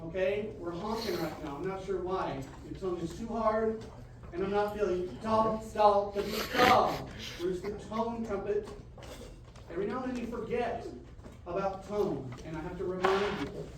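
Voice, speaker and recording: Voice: mid-range voice, moderate pace. A band director coaching a rehearsal, singing rhythms on syllables and counting the band in. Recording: very echoey room, mic far off, loud noise.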